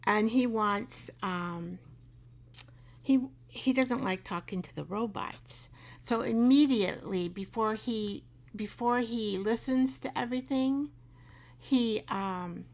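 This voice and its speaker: A woman's voice: fairly high pitch, slow pace. A middle-aged woman hosting a live craft show, chatting and rambling as she works, laughing often and talking to her craft pieces. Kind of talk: live craft tutorial chat.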